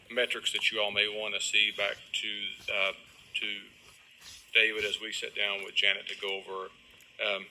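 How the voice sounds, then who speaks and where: An official speaking at a public meeting, steady and conciliatory. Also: male voice, lowish voice, a little hiss or hum, rough recording.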